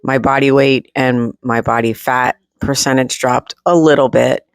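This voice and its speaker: A man's voice: medium pitch, little pitch movement, a little slow, no room sound. A man talking at home in a rambling, casual video diary, full of fillers and restarts, with the odd swear word. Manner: candid, with occasional swearing. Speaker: vlogger.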